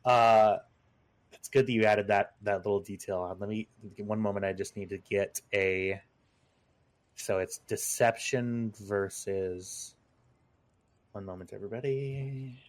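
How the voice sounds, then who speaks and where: A man narrating as game master, halting and full of fillers, laughing easily as he rules on the players' moves. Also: lowish voice, fairly even intonation. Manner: hesitant, many fillers and restarts, laughs easily.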